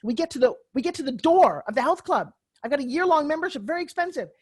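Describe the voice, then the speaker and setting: A middle-aged woman, a guest on a podcast interview, speaking as an emphatic, energetic motivational speaker. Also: sits high, quick pace.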